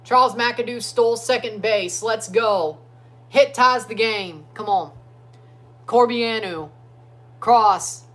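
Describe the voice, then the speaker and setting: A man hosting a casual sports watchalong livestream from his phone, talking loosely and breaking into excited chants for players. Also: high voice, slow pace. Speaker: livestream host. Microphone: phone streaming app.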